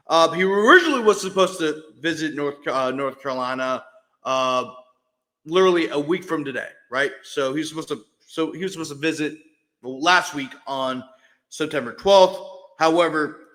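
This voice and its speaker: Podcast host, male, chatty sports talk, bright tone, some hall reverb. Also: medium pitch. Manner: chatty, heavy fillers and restarts. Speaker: podcast host, beat writer. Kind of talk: casual sports podcast commentary.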